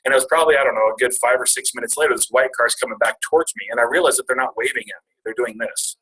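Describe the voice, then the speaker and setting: A man speaking at a business retreat, telling a personal story to a live audience in a lively, conversational way, often calling them "you guys.". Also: medium pitch, rapid-fire, poor audio.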